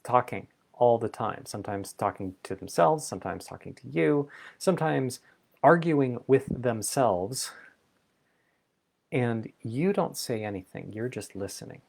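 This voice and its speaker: A man's voice: medium pitch, expressive, moderate pace, creaky, a little mellow. A man hosting a reflective solo talk, thinking aloud in an exploratory, playful way. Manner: thoughtful, exploratory, playful asides. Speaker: vlog host.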